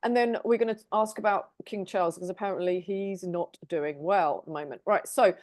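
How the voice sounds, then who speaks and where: A British woman co-hosts a casual tarot chat show. She talks loosely and chattily, restarting sentences and filling gaps with ums, at an ordinary pitch. Her voice is recorded dry and close, with no room sound. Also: brisk, a little mellow, no room sound. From Britain. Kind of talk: casual group chat, introducing topics.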